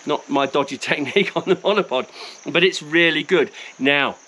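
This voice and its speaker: A man's voice: fairly high pitch, moderate pace, pushed and bright, low-quality recording. A man with a Cockney accent, a wildlife photographer talking casually and enthusiastically to camera outdoors, joking at his own expense. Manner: enthusiastic, chatty, self-mocking. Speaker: wildlife photographer reviewing gear. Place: outdoors in the bush.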